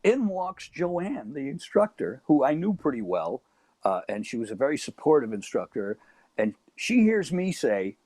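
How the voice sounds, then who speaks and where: A middle-aged man with a Chicago accent, a stand-up comedian telling a lively anecdote as a guest. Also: mid-range voice, normal speed, dry recording. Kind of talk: storytelling in casual chat.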